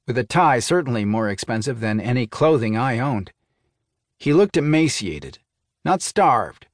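Guy reading a first-person thriller audiobook, steady even delivery, dry studio mic, nothing in the room. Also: mid-range voice, no echo. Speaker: audiobook narrator.

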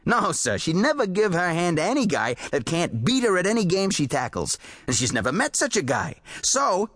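A man voicing an excitable, boastful male pulp writer who rambles eagerly in folksy slang. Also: high-pitched, normal speed, no echo, clean studio sound, full character voice. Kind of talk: audiobook character voice.

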